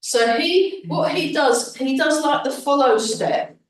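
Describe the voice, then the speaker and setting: Slow-talking woman in an echoey hall. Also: high voice. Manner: calm breathing cues mixed with chatty asides. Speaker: tai chi instructor. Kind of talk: leading a beginners' qigong class. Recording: very echoey hall, mic far off.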